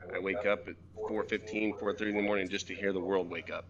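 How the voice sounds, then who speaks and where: A man's voice: low voice, flat delivery, fast talker, highs cut off, crowd noise. A middle-aged man giving a motivational conference talk, telling stories, acting out quoted lines and asking the audience questions. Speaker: conference speaker, resort facilities director. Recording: live audience audible in room.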